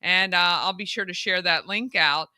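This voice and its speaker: Bubbly bright-voiced woman host. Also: fairly low pitch, moderate pace, smooth, dry recording. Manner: bubbly, effusive. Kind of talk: live morning show chat.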